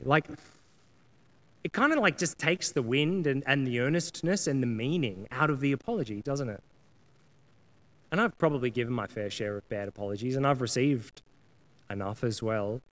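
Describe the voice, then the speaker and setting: A man's voice: mid-range voice, expressive, normal speed, a bit bright. Earnest man preaching a conversational sermon. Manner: conversational, earnest, acts out quoted prayers. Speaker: pastor.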